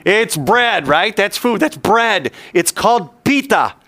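A male teacher giving an animated classroom lecture, quizzing the class and joking as he goes. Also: high-pitched, takes it slowly.

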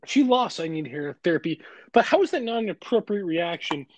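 A man's voice: sits high, very animated, fairly quick, no room sound. A young man co-hosting a casual podcast, heated and given to profane rants. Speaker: podcast co-host.

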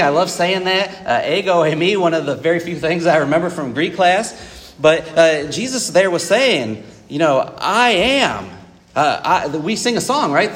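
A man delivers a sermon in a relaxed, conversational way, scattering fillers and asides to his congregation. His voice sits a bit high for a man. It carries a long reverb from the church auditorium. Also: moderate pace. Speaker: preacher.

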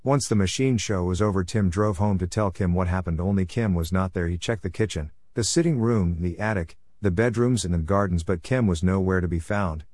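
Deep-voiced man reading a story aloud. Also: a little fast, few pauses, darkish tone, no echo, clean studio sound. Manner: plain storybook read-aloud with small restarts.

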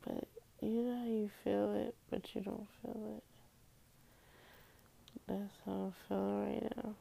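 Drowsy sick woman, slow and gravelly. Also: medium pitch, little pitch movement, mellow. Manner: slurring, rambling, talking herself through it. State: sick and drowsy from cold medicine. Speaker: vlogger. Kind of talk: casual monologue to camera. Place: small room.

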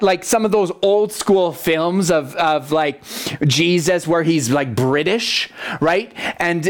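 A man preaching a conversational sermon, animated, with rhetorical questions and frequent restarts. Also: a little high.

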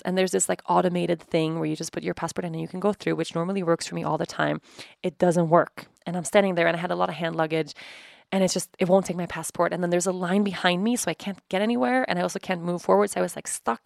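A woman's voice: on the low side, vocal fry, dry recording, studio quality. A woman podcast host telling a personal story in a chatty way, full of "like" and "you know", acting out her own thoughts as she goes.

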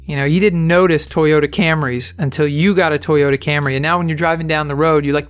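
Earnest, fairly high-voiced male podcast host. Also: steady tone, brisk, faint music behind. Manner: earnest, conversational, encouraging. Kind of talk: motivational podcast storytelling.

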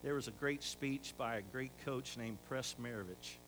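In a church sanctuary, an older pastor delivers a folksy sermon that rises into emphatic exhortation. He has a mid-range, slightly bright voice and speaks at normal speed. The echoey hall carries a faint hum.

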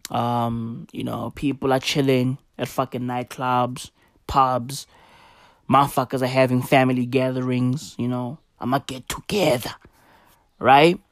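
A man's voice: mid-range voice, level tone, unhurried, no room sound, studio quality. A man ranting casually to camera, profane and rambling with lots of slang. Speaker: vlogger.

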